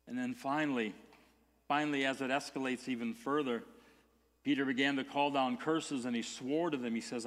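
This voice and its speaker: A man's voice: mid-range voice, steady tone, normal speed. A male pastor preaching an earnest sermon, with stammered restarts that swell into emphatic peaks. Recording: long hall reverb.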